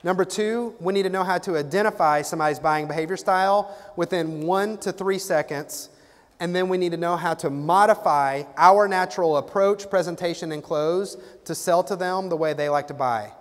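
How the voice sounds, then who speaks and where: A man giving a keynote sales talk, animated storytelling that acts out the dialogue. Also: high-pitched, normal speed. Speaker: keynote speaker and sales trainer. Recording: reverberant hall.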